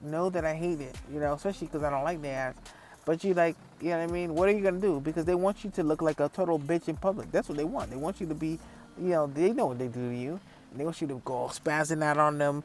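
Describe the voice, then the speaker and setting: A vlogger talking in a casual, rambling monologue, swearing a lot and full of fillers, acting out other people when telling stories. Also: mid-range voice. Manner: profane, rambling, frequent fillers; lively storyteller acting out others.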